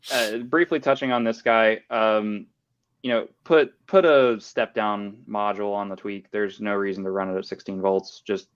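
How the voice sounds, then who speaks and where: A man's voice: lowish voice, fairly even intonation, moderate pace, smooth, lo-fi sound. A man in a casual podcast chat, giving short, practical advice.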